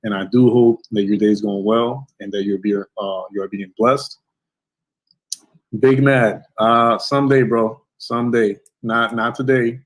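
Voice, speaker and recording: A man's voice: lowish voice, poor audio. A man hosting a livestream interview, thanking and blessing his viewers effusively. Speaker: host. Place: home setup in Florida.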